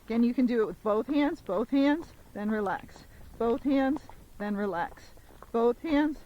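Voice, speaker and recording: A woman's voice: medium pitch, a little hiss or hum, rough recording. Woman trainer counting beats from horseback. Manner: counts the gait beats aloud in a steady rhythm; casual and chatty, explaining each step. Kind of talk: instructional commentary while riding. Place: outdoors on horseback on a road in the rain.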